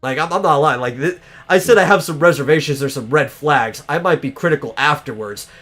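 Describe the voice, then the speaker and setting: A man's voice: a little high, a little fast, a bit bright. Guy rambling on a podcast, lots of um and like, cusses a bit, faint music behind. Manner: rambling, many fillers and restarts, swears casually. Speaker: podcast co-host. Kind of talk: casual chat about movies.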